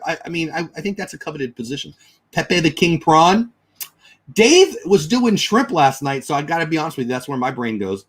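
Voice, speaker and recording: A man with a slightly husky, breathy voice chats loosely on his livestream, thinking out loud as he answers viewers. His pitch swings widely and freely as he goes. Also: very animated, brisk. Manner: chatty, rambling, thinks out loud. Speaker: livestream host. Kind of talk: casual livestream chat reading comments.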